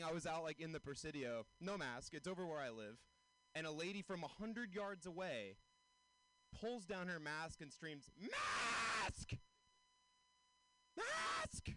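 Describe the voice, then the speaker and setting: Animated young man doing stand-up. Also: low-quality recording. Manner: animated, jumps into high squeaky voices for bits. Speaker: stand-up comedian. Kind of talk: stand-up comedy set. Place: outdoor comedy show.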